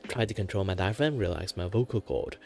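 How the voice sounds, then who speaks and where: A man from Malaysia, hosting a casual drawing stream in a deliberate low bass voice, relaxed and rambling. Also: gravelly. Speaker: streamer host.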